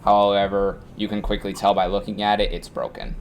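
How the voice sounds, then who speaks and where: Low-voiced man running a tabletop game. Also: little pitch movement, slight background noise. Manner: halting, listing loot with many fillers. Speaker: game master.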